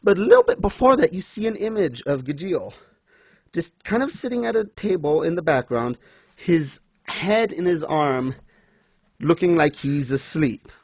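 A man's voice: fairly high pitch, expressive, normal speed, darkish tone, breathy edge, dry recording. A young man in casual chat, ranting in exasperation about a comic and mocking scenes in put-on voices. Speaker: podcast co-host reviewing manga.

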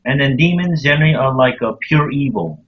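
A man's voice: mid-range voice, a little fast, lo-fi sound, a crowd in the background. A man co-hosting a podcast in casual chat, laid-back, with dry remarks. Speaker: podcast co-host.

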